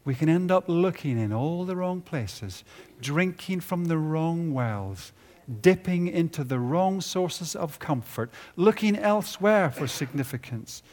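A man preaching a sermon at a conference, building to loud emphatic peaks and dropping low and quiet at the ends of phrases. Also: lively intonation, measured pace, few pauses. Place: conference hall.

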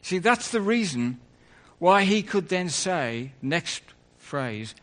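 A man's voice: high-pitched, sing-song, takes it slowly, hardly any pauses, a bit bright. Man preaching a chatty sermon. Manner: conversational, rambling asides, self-correcting. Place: church.

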